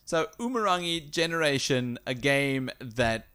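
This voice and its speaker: A man's voice: medium pitch, expressive, measured pace, sharp tone, smooth. A man co-hosting a casual podcast chat, teasing and joking with his partner. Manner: teasing, jokey. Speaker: podcast co-host.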